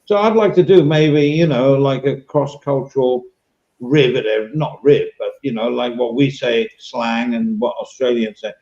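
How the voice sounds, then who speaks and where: A man's voice: mid-range voice, normal speed, a little mellow, reverberant, dull audio. An English man hosting a casual podcast chat, rambling and swearing now and then. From England. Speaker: podcast host.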